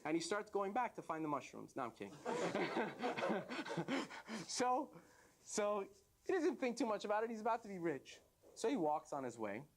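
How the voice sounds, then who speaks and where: A man, a rabbi, telling a parable in a lively, joking lecture to youth. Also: sits high, moderate pace. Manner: joking, animated. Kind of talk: animated storytelling lecture.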